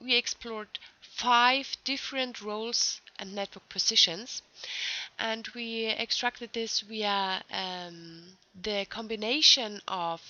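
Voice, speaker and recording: A young woman giving a conference talk as a researcher, explaining her findings carefully and methodically with phrasing and pauses. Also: on the high side, sharp tone. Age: young adult. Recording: dull lo-fi recording.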